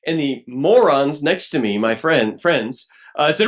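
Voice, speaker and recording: A pastor preaching a lively sermon, acting out quoted voices and now and then rising to a shout. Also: male voice, fairly high pitch, normal speed. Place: church.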